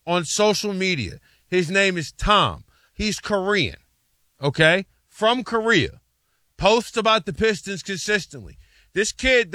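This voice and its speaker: A man from the Detroit area rambles through a story on a sports talk show. His voice is bright and a little high for a man, and he talks with animated energy. The sound is dry and close, like a studio mic. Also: dry recording. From Metro Detroit. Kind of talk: casual sports talk chat.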